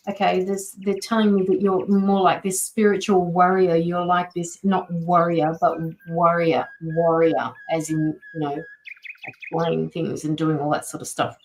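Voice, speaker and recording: A woman reading tarot and passing on spirit messages to viewers on a livestream, gentle and reassuring, pausing often with fillers. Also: mid-range voice, slight background noise, low-quality recording. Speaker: tarot reader and medium.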